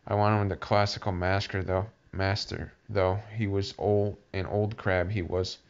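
A man's voice: low voice, flat delivery, unhurried. A man voicing a gloomy, sighing mock turtle telling of its school days. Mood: mournful. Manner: mournful, sighing. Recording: dull lo-fi recording.

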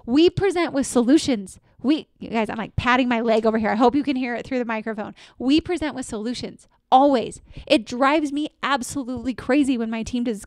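A woman hosting a solo podcast as a consultant, talking in an energetic, emphatic way and repeating affirmations. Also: fairly high pitch, no room sound, clean studio sound. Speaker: podcast host and dental practice consultant. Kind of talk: solo motivational podcast talk.

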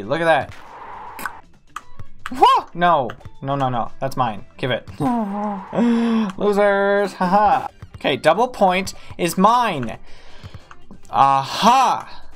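A man hosting a let's-play, commenting on a basketball game with excitable, playful mock outrage at the other team. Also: mid-range voice. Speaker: gaming channel host.

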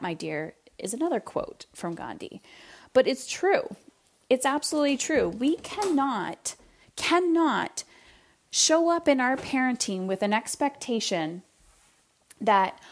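A middle-aged woman from Canada hosting a parenting podcast, telling a story in a casual, animated way and acting out her family's lines. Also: medium pitch. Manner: animated, acts out family voices, casual swearing.

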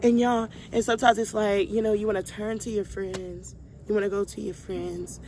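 A woman's voice: mid-range voice, level tone, moderate pace, warm tone, slight background noise. A young woman vlogger leading a Bible study, speaking emphatically and heartfelt, repeating lines for stress and calling her viewers y'all. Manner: addresses viewers directly as y'all. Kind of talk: casual preaching to viewers.

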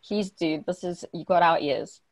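A woman's voice: on the low side, a little slow, darkish tone. Effusive South African woman hosting. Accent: South African English. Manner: effusive and affirming. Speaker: webinar host. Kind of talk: casual online chat. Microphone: video call.

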